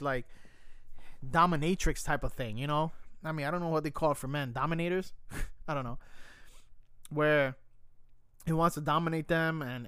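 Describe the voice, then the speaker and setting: A man's voice: a little high, fairly bright tone, clear, resonant tone, no echo, studio quality. Profane, blunt man ranting. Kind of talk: casual opinion rant.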